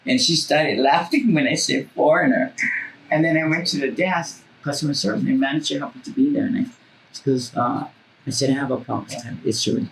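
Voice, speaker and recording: A woman's voice: low-pitched, a little fast, slight background noise, poor audio. A woman telling stories bluntly in an interview, swearing freely and acting out the voices of the people in them. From Hawaii. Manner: acts out voices in her stories. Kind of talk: casual storytelling.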